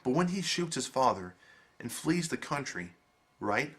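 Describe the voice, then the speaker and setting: Man, video reviewer, emphatic, swears freely, slightly raspy. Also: medium pitch, big pitch swings, unhurried, fairly bright tone.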